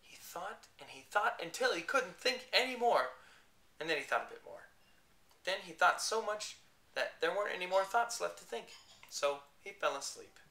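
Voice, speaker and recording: Lively, gravelly bedtime storyteller. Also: medium pitch, normal speed, reverberant.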